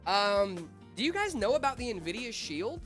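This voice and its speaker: Lively young man, voice a bit rough. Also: sits high, moderate pace, soft background music. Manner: chatty, rambling with fillers and asides to chat. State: voice slightly off after being sick. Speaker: stream host. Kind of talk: casual livestream tech chat.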